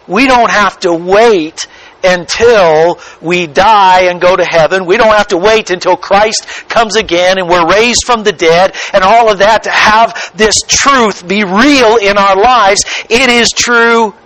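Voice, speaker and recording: Man preaching, high voice, slow deliberate delivery, emphatic sermon style. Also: fairly bright tone, dry recording, low-quality recording. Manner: slow, emphatic preaching with drawn-out key words. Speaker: pastor.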